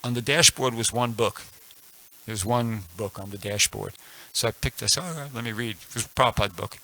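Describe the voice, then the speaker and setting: The recording is rough, and the man's voice sits fairly low, moving at a fairly quick clip with a pushed, bright quality. In his sixties, he's holding a casual scripture class at a temple, sharing a personal story in a rambling way with many fillers and restarts.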